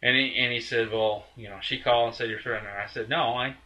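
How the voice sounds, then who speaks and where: A man's voice: mid-range voice, steady tone, fast, sharp tone, dull audio. A man in casual conversation, telling a heated, profane story that rambles with restarts and asides. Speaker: storyteller recounting a breakup.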